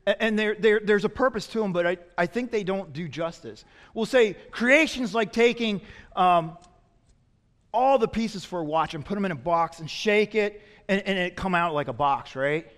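A man preaching a sermon as pastor, swinging from loud emphatic lines to quiet, low asides. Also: normal speed, long reverb tail.

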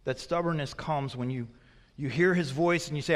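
A male pastor delivers a sermon in a slightly higher voice, pressing his listeners with question after question. He turns forceful and emphatic when he warns them. His words ring out with a long reverb that fills a large sanctuary. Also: normal speed. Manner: asks the congregation repeated rhetorical questions.

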